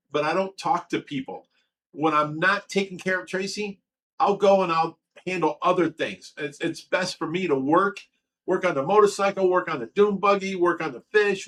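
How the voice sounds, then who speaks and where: A man from Ohio with a fairly high, slightly bright voice hosts a casual livestream on a low-quality recording. He reads viewer comments aloud and answers them earnestly and emotionally.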